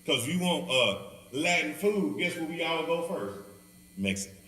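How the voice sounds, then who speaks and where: Lively Southern preacher in an echoey hall. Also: male voice, on the high side, normal speed. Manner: animated, laughing, acts out quoted people. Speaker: pastor teaching Bible study. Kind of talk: joking, storytelling Bible study teaching. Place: church hall. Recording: echoey hall, speaker far off.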